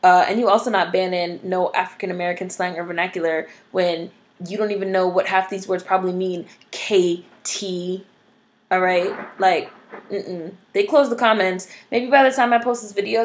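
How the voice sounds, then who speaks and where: A woman's voice: on the low side, fairly even intonation, normal speed. A young adult woman vlogging, ranting bluntly and profanely, full of "like" and "you know". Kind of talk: casual ranting commentary to camera.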